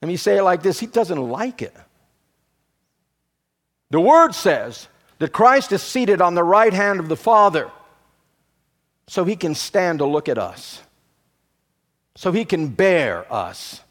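A man preaching a sermon, swinging between emphatic, rising declarations and hushed, low passages. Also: big pitch swings, slow, pauses often. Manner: preaching with rising emphatic bursts and quiet drops.

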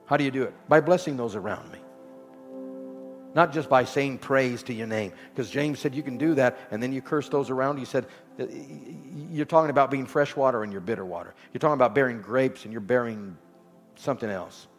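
A man preaching a sermon with rhythmic repetition, swinging from loud exhortation to soft, low lines. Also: brisk. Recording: long hall reverb with faint music.

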